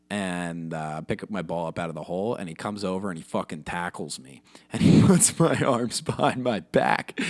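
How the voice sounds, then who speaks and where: A man's voice: low voice, darkish tone, no echo. A man hosting a podcast, delivering a profane, rambling comedic monologue full of fillers. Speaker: podcast host.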